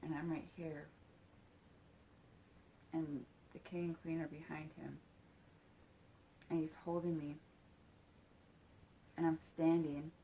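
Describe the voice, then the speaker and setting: Slow, low-voiced woman telling a story. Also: little pitch movement, a little hiss or hum. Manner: halting and soft-spoken, casual swearing. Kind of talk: personal storytelling.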